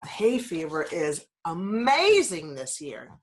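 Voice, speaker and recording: Taking it slowly, a woman with a lowish, husky voice swings hugely in pitch. In her fifties and from New Zealand, she hosts a podcast, sounding slightly congested as she delivers upbeat motivational talk with recurring affirmations.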